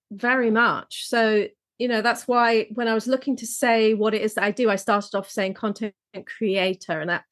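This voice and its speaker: A woman's voice: mid-range voice, a bit bright, dry recording. A woman guest on a podcast, explaining her work as a business coach in a friendly way. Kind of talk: interview answers.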